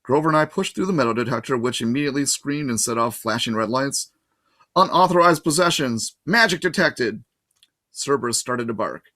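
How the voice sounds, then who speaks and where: Guy reading a kids' book out loud, dry close sound, mid voice. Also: medium pitch, fast talker, few pauses, no room sound. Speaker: reader. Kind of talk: reading a children's novel aloud.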